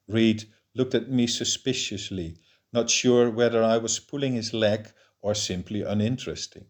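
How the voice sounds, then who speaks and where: A man narrating a novel in a steady, measured reading voice. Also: fairly low pitch. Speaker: audiobook reader.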